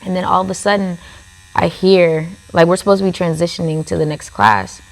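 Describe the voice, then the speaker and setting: A woman with a lowish, steady voice and vocal fry talks fairly quickly as a podcast guest on a tattoo studio set. She tells a story in a casual, chatty way, leaning heavily on "like" as filler.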